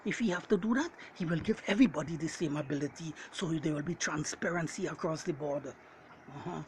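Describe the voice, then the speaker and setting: Guy preaching at the camera, kinda high voice, repeats himself over and over, ladies and gentlemen, faint hiss. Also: brisk, poor audio. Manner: repetitive, hammering refrains; addresses listeners directly as ladies and gentlemen. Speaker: self-styled Bible teacher. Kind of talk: preaching video message.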